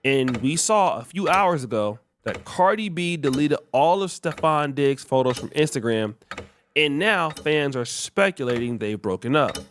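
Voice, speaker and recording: A man's voice: fairly high pitch, lively intonation, measured pace, slight background noise. A man hosting a podcast, casually walking listeners through celebrity gossip and the clips he shows. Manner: conversational, narrating clips to viewers. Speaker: podcast host.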